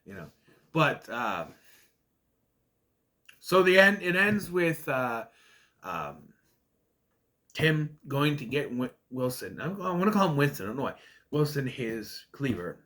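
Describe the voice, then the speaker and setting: A man casually recapping a sitcom episode, rambling and quoting characters in quick asides. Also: mid-range voice, sing-song, bright, forceful tone. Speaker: retro TV show reviewer.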